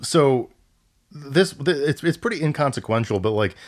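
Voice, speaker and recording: A man's voice: medium pitch, expressive, moderate pace. A man co-hosting a casual movie podcast, laid-back and a bit hesitant, swearing casually as he recaps the plot. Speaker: podcast co-host.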